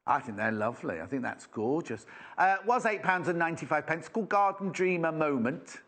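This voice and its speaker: Chatty man with lively pitch. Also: brisk. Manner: chatty and rambling, exclaiming over fabrics. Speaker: shopping channel presenter. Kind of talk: live sales presenting. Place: TV shopping studio.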